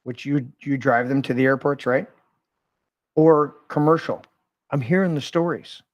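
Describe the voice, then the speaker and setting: A man hosting a casual conversation, telling animated stories and swearing freely. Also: mid-range voice, measured pace, no echo. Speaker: podcast host.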